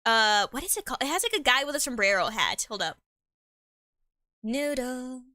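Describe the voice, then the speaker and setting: Very animated and fast, a young woman streamer of Mexican heritage chats casually over a meal in a high, sharp-toned voice. She rambles, fumbles words, uses lots of slang, laughs often, and at times talks with her mouth full. The sound is clean studio audio with no echo.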